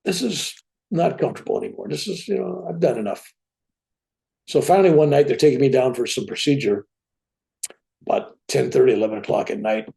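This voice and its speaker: A man's voice: mid-range voice, animated, brisk, vocal fry, warm tone. An older man telling a personal story as an interview guest, acting out the dialogue as he goes.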